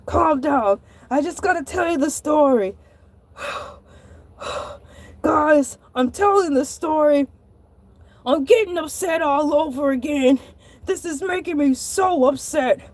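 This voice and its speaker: A very high, squealing voice belongs to an excitable cartoon shark played by a woman. He tells his misadventures as a comic monologue, huffing with exasperation and breaking into shouting fits. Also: slow pace, long pauses, dry recording. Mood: panicked. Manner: dramatic, exasperated, bursts into shouting. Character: excitable male cartoon shark who walks on land. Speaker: show host.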